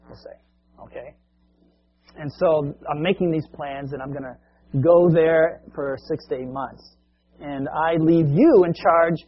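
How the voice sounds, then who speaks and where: Husky-voiced man preaching a story. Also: fairly high pitch, lo-fi sound. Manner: storytelling, animated and conversational. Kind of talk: sermon with a told story.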